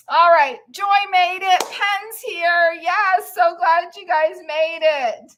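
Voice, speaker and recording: A woman's voice: very high voice, slow pace, a bit bright, slight background noise. A middle-aged woman hosting a live stream, cheering her viewers on with laughter while jogging in place, a little out of breath. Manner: enthusiastic, cheering, laughing often. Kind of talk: upbeat motivational live chat.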